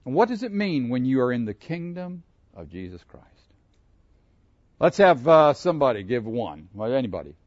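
A man's voice: mid-range voice, big pitch swings, moderate pace, a little mellow, dry recording, muffled recording. A man preaching a sermon, asking his congregation questions and laughing between his points. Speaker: pastor. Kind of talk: interactive sermon.

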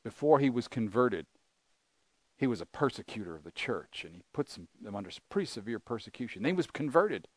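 A man's voice: medium pitch, sing-song, a little fast, husky, dry recording. An older man preaching a sermon, earnest and conversational, asking his listeners rhetorical questions. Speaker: pastor.

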